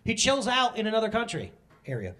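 A male pastor preaching with a lively, swooping voice that sits a little high for a man. He talks frankly and jokes with his listeners, then cuts loose in loud emotional bursts. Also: brisk. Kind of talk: sermon.

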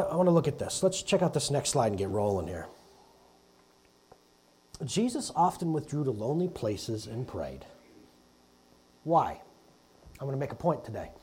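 A man's voice: a little high, darkish tone, breathy edge. A man preaching a sermon to his congregation, conversational and chatty, often calling them "guys". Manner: conversational, calls the congregation "guys", jokes aside. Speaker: pastor. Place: church hall with a congregation.

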